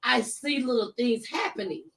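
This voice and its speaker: Laughing talk show host, higher voice. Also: female voice, moderate pace, vocal fry. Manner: lively, laughs often while talking. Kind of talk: casual chat. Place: studio.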